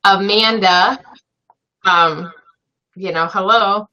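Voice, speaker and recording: A woman's voice: medium pitch, dull audio. An American woman with an Upper Midwestern accent, co-hosting a casual live-stream chat and telling stories with animation. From northern United States near Canada. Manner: animated storyteller, quick to laugh. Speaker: co-host.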